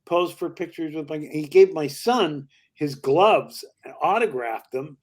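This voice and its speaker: Older male comic guest, a lively raconteur who drops into voices, voice pitched a bit high. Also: measured pace. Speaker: guest comedian. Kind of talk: anecdotal storytelling.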